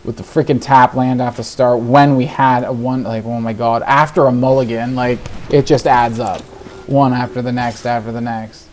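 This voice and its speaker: Male gameplay host, frustrated rant, mutters then yells, mid pitch. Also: steady tone, normal speed, a little hiss or hum. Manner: exasperated ranting, swearing, swings between muttering and shouting. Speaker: gaming video host. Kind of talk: live gameplay commentary.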